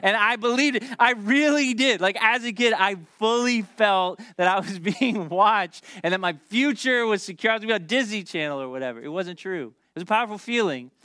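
A man in his thirties preaching a sermon, animated and jokey, telling stories with quick asides. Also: high voice, smooth, no echo. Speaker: pastor.

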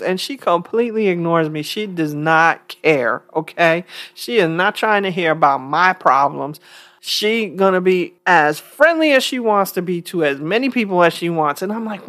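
Speaking to camera, this New York vlogger addresses her viewers in a relaxed, blunt, emphatic way, laughing frequently. Her pitch is medium, her delivery expressive and moderately paced, with a somewhat bright tone.

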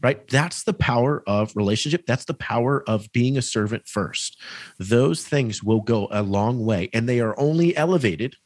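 A man in his thirties tells a story on a podcast and acts out the dialogue with lively energy. His voice is recorded dry and close, with no room sound. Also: mid-range voice, moderate pace, no echo. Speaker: real estate agent. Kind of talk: podcast conversation.

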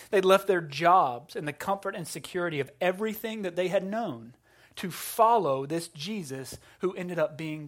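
A man preaching a sermon as a pastor, conversational and self-deprecating, often restarting words and dropping to a low, quiet voice for emphasis.

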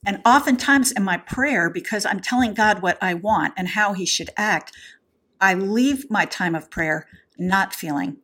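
A woman's voice: mid-range voice, a little slow, fairly bright tone. A woman co-hosting a podcast, speaking openly and personally about her experiences, with fillers and restarts. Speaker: podcast co-host. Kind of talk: candid conversational podcast talk.

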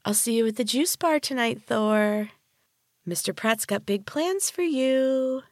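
Man putting on a high sing-song taunting young woman. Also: lively intonation, a little slow, no room sound, clean studio sound, exaggerated voice.

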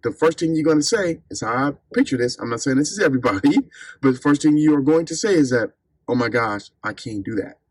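A man's voice: fairly high pitch, animated, quick pace, a little mellow, breathy edge, dry recording. A man hosting his own podcast as a fitness coach, chatting casually and upbeat with listeners, calling them y'all.

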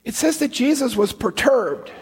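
Man, high voice, husky, earnest sermon, slow emphatic storytelling, echoing church hall. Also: animated. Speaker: priest.

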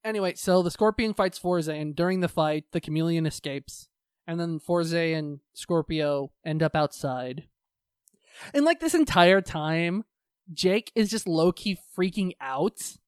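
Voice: mid-range voice, a little slow, darkish tone, clean tone, no room sound, clean studio sound. A co-host in casual chat, recapping a show in a rambling, profane way and slipping into voices for the characters. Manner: profane, rambling, acts out quotes in put-on voices.

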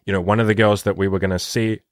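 A man's voice: lowish voice, level tone, no room sound, studio quality. A man who works as a dating coach, talking casually and emphatically on his podcast with a lot of swearing. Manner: profane, emphatic, rapid-fire.

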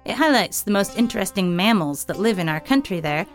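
A woman narrating her own missionary story in a gentle, earnest reading. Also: mid-range voice, lively intonation, fairly quick, soft background music. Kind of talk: scripted narration.

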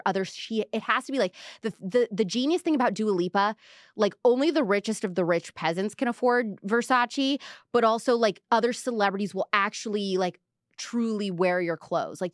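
A woman's voice: mid-range voice, no echo. Chatty woman hosting a dry live show. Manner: chatty, sarcastic, many fillers and restarts. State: out of breath. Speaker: host. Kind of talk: live pop culture commentary.

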